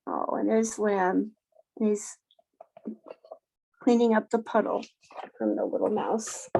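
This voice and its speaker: A woman reading a picture book aloud to children, unhurried and pausing to point out the pictures. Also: mid-range voice, fairly even intonation, gravelly, warm tone. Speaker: storybook reader.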